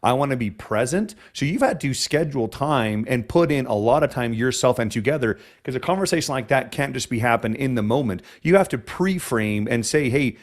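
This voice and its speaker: A man's voice: medium pitch, expressive, a little fast, few pauses. A man hosting a podcast interview, a chiropractor who talks in an emotional, rambling way with many restarts.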